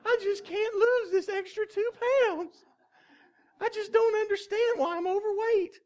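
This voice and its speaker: Guy doing a high whiny lady voice moaning about her weight, slow and squeaky. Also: steady tone, darkish tone. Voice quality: high falsetto whine. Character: whiny dieting woman complaining about weight.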